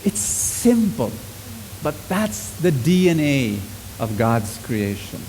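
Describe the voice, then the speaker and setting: A middle-aged man preaching a sermon to a congregation, swinging between loud exclamations and soft, low lines. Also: big pitch swings, slow, a little hiss or hum, low-quality recording.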